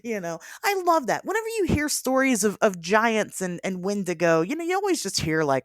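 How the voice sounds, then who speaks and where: A woman podcast host telling folktales in a casual, chatty way, relaxed and quick to laugh. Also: medium pitch, dry recording, studio quality. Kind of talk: casual chat and folktale storytelling.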